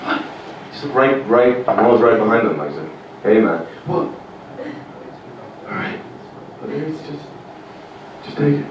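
An Irish man doing stand-up comedy in a rambling, deadpan way, on a comedy club stage. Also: medium pitch, moderate pace, highs cut off, slight background noise. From Ireland. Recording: echoey club room, mic far off.

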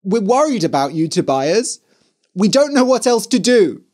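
A man's voice: high-pitched, big pitch swings, normal speed, darkish tone, voice pushed up. A man voicing a devout mother who earnestly worries about her son. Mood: worried.

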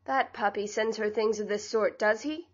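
A woman reading the part of a stern, quick-tempered middle-aged father in a storybook, speaking in curt, commanding tones on a slightly dull, lo-fi recording. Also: medium pitch, steady tone, natural voice.

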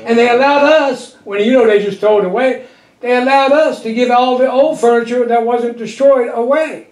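A middle-aged pastor preaches in a church sanctuary whose walls throw his voice back with a strong echo. His voice sits unusually high for a man. He tells a folksy story with frequent chuckles and keeps the congregation answering back. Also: fairly even intonation, normal speed, darkish tone. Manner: call-and-response with the congregation. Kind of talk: sermon.

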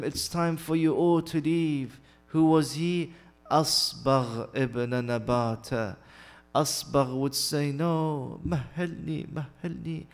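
A man's voice: high-pitched, long reverb tail. A man preaching a mournful sermon, telling a sad story with Arabic phrases mixed in. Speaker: guest preacher. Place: mosque or community hall.

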